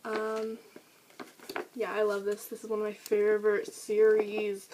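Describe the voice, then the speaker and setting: A woman's voice: mid-range voice, monotone, unhurried, noisy background. A teenage girl chatting eagerly about her favorite books, with lots of fillers, recorded on a camera mic. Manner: gushing, chatty, many fillers. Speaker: book vlogger. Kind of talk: casual book review vlog.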